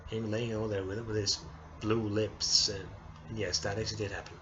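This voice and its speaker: Halting tearful young man, lo-fi. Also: lowish voice, little pitch movement, a bit bright, slight background noise. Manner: halting, hesitant, many restarts and apologies. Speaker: vlogger. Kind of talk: casual personal update.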